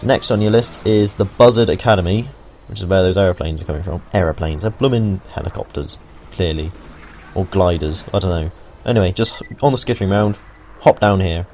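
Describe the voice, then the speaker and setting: A man's voice: sits low, a little fast, a little mellow, slight background noise. A young man giving a casual, jokey video game walkthrough, rambling into asides and swearing now and then. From United Kingdom. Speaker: gaming video host. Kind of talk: casual gameplay walkthrough commentary.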